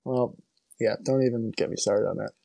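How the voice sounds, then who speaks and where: A man's voice: medium pitch, fairly even intonation, moderate pace, gravelly, mellow, no room sound. A man co-hosting a casual movie podcast, rambling and emphatic, with lots of restarts and strong opinions. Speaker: podcast co-host.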